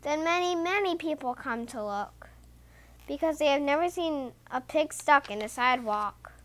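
High, lively woman reading a storybook. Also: moderate pace. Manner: expressive, sing-song storytelling. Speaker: children's book reader. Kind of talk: reading a picture book aloud.

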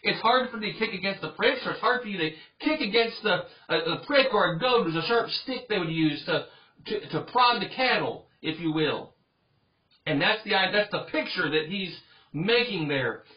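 High-voiced man preaching earnestly. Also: lively intonation, moderate pace, muffled recording. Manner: earnest, repeats phrases for emphasis. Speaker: pastor. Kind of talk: Bible study sermon.

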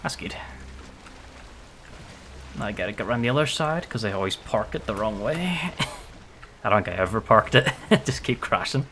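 A man's voice: medium pitch, bright, forceful tone, a little hiss or hum. A man streaming a game, giving casual gameplay commentary, playful, swearing often and laughing a lot.

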